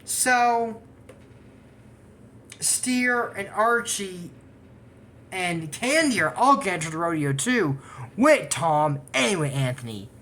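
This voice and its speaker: A woman's voice: on the low side, expressive, slow pace, long pauses, a bit bright, a little hiss or hum. A woman casually recapping a cartoon episode, rambling off on tangents and giggling often. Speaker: anime episode reviewer.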